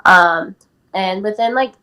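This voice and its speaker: A woman's voice: medium pitch, slow pace, pushed and bright, poor audio. Chatty young woman telling a story. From California. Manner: chatty, many "like" and "um" fillers. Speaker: guest athlete. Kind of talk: casual interview storytelling.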